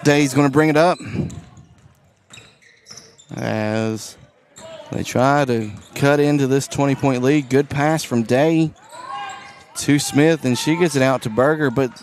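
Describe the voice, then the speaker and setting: A man with a hoarse, raspy voice calls a high school basketball game live, moving briskly through the play-by-play with casual asides to his listeners. His voice sits at an ordinary pitch for a man. Faint gym ambience and a bouncing ball can be heard behind him. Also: fairly even intonation, a little mellow, slight background noise. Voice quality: raspy, strained voice. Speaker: play-by-play announcer.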